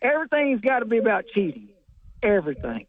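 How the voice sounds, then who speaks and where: A man's voice: high-pitched, huge pitch swings, fast. A man calling in to sports radio, ranting in exasperation. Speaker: caller. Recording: phone line.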